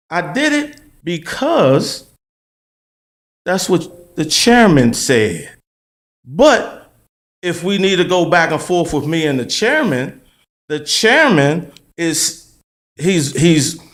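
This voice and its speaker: A man's voice: sits high, fairly bright tone. A man appealing before a city board, insistent and argumentative, repeating himself as he testifies. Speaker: appellant at a board hearing. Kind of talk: heated testimony. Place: city council chamber. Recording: echoey council chamber.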